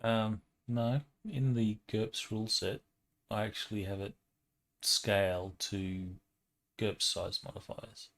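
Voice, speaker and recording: A man's voice: on the low side, level tone, slow, a bit bright. A man running a tabletop game as game master, explaining rules in a patient, matter-of-fact way.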